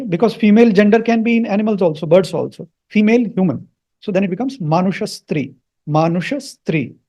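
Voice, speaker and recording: A man teaching the meaning of a Sanskrit mantra, slowly repeating each word for learners. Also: high-pitched, warm tone. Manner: slow, repeats words for learners.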